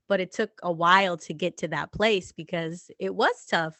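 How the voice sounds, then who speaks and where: A woman's voice: fairly low pitch, normal speed, a bit bright, dry recording. A woman hosting a podcast interview, talking reflectively as if thinking aloud. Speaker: podcast host. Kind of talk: casual interview conversation.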